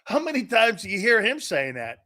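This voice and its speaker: A man's voice: sits high, huge pitch swings, fairly quick, pushed and bright. A middle-aged man hosting a sports talk show, a brash, laughing trash-talker telling stories.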